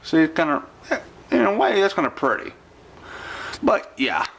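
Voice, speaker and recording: A man's voice: on the high side, sing-song, normal speed, creaky, a bit bright. A man hosting a casual home cooking video, rambling with lots of fillers and restarts in his kitchen. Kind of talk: casual cooking vlog talk. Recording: noisy home kitchen recording. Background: clattering dishes and cutlery.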